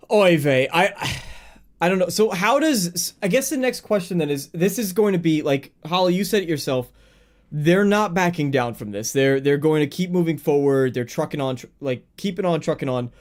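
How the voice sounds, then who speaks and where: Male stream host, somewhat high voice, loose and chatty, quick to laugh, reads chat aloud between points. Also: expressive. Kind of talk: live-streamed gaming news chat.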